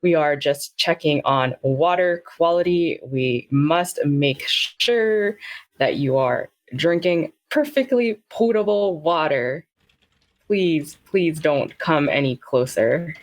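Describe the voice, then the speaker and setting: A woman's voice: sits low, lively intonation, slow. A woman voicing a young male aspiring action star who bluffs with stiff, formal excuses. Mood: evasive. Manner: stiff, overly formal cover story.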